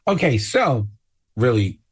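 A man co-hosting a radio talk show, bantering and teasing his partner with quick joking asides. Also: mid-range voice, big pitch swings, breathy edge.

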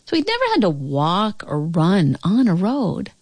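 A woman reading a children's storybook aloud in an expressive, playful way. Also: fairly low pitch, unhurried, dry recording.

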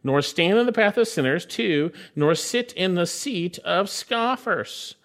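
Emphatic male preacher, slightly high voice. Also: lively intonation, a little slow, a bit bright. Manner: emphatic, rising on key phrases. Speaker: pastor. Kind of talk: sermon.

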